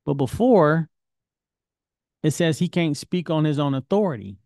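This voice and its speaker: A man's voice: fairly high pitch, lively intonation, a little slow, darkish tone, no room sound, clean studio sound. A man teaching an informal Bible study lesson, talking in a conversational, questioning way. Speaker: Torah teacher.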